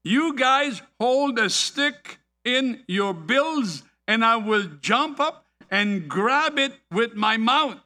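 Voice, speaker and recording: A man's voice: extremely high pitch, expressive, slow, hardly any pauses, pushed and bright, heavily acted. A man voicing a scheming male frog in a parable told during a sermon, in a plain, slightly raised storytelling voice. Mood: eager.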